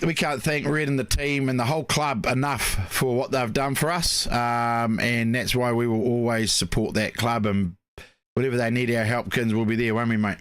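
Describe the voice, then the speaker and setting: A man's voice: medium pitch, fairly bright tone, dry recording. A man co-hosting a racing show, telling long rambling stories full of "mate, you know". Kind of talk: casual chat.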